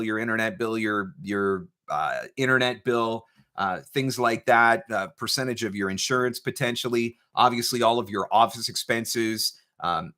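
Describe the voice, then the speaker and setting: A man's voice: mid-range voice, sharp tone. A man hosting a casual advice livestream from his studio, talking conversationally and often repeating words as he restarts. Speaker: voice-over business coach, livestream host. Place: home studio.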